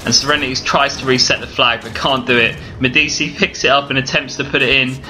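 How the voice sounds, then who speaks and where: A man giving excited, breathless commentary over his own gameplay, talking straight to his viewers. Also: mid-range voice, fast talker, faint music behind. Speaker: gaming video commentator.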